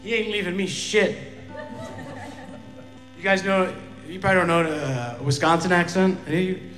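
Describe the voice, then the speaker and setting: A man's voice: a little high, a little fast, long pauses, fairly bright tone, echoey room, big-room sound, faint music behind, low-quality recording. A man doing a rambling, profane stand-up set and acting out voices along the way. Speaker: stand-up comedian.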